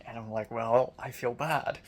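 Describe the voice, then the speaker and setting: A young man, a college student, in a casual video diary, his voice deep and strained after screaming, frustrated and self-critical, swearing often. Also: fairly even intonation, a little slow. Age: young adult.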